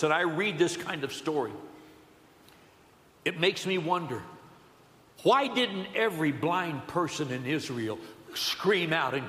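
Bright-voiced man preaching in an echoing hall. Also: on the high side. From Southern California. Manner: preaching with rising, emphatic calls and soft drops. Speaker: pastor. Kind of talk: sermon. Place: church building on a Sunday morning.

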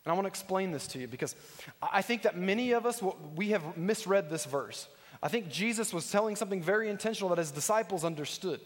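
A man's voice: high voice, lively intonation, fast talker, big-room sound. A man preaching a sermon as a pastor, earnest and conversational, often putting direct questions to the congregation.

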